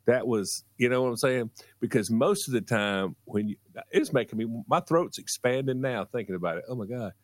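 Animated man telling a story. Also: no room sound. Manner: animated, drawn-out storytelling with high-pitched quoted voices. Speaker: radio show guest. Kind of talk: casual storytelling.

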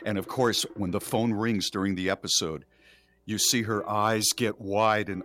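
A man's voice: lowish voice, moderate pace, a bit bright, faint music behind. A man co-hosting a radio show, retelling a spooky TV episode and acting out the lines he quotes. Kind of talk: casual storytelling on radio.

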